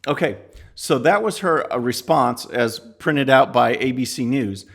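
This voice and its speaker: A man's voice: mid-range voice, expressive, measured pace, vocal fry. A man hosting a political commentary show, talking casually with scornful asides. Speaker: podcast host.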